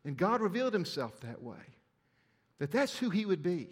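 Male pastor, sermon delivery, somewhat high-pitched, energetic storyteller with restarts; long hall reverb. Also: moderate pace, husky. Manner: animated storytelling with frequent restarts and repetition.

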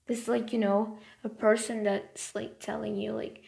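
Speaking casually to her camera at a moderate pace, this vlogger rambles with "like" stuffed into every pause. Her voice is mid-pitched for a woman, gravelly and full of vocal fry, with a flat delivery that turns from passionate to softer and quieter.

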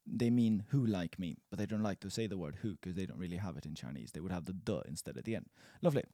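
Man, low lively voice, mellow and dry, language teacher running through example phrases. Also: no room sound. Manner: says example sentences loudly and high, asides low and quick. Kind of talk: language lesson with spoken examples.

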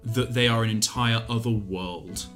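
A game master explaining a fantasy setting to a player, halting and full of fillers. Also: medium pitch, a bit bright, faint music behind. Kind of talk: describing a tabletop setting.

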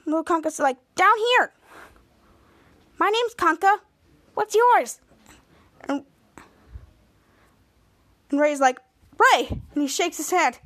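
A woman's voice: very high-pitched, slow pace, pauses often. A woman hosting a podcast, casually retelling a TV episode and acting out the characters' lines. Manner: acts out characters' lines with lively voices. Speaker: podcast host.

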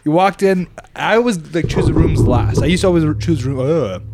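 A man's voice: on the high side, expressive, a little fast, heavy background noise. A young man hosting a podcast, laughing often and joking at his own expense. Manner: giggly, self-deprecating. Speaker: podcast host. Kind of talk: casual podcast chat.

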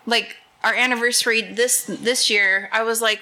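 A woman co-hosting a podcast, telling a story in animated casual chat with frequent laughter. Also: fairly high pitch, moderate pace, few pauses. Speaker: podcast co-host.

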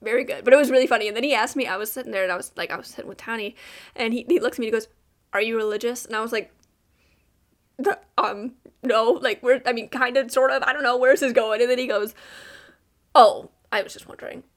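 Young woman, podcast co-host, rambling casual chat, fairly high pitch. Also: steady tone. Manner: rambling storyteller, quick restarts and fillers.

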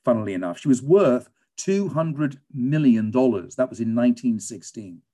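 A British man, a teacher and guest, telling lively stories in a conversational interview. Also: mid-range voice, moderate pace. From England. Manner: animated storyteller, lively and emphatic.

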